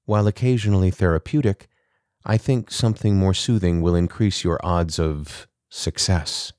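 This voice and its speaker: A man voicing a soothing, self-assured artificial intelligence that speaks calmly. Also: low-pitched, normal speed, no echo, clean studio sound, natural voice. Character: calm, all-knowing male home AI.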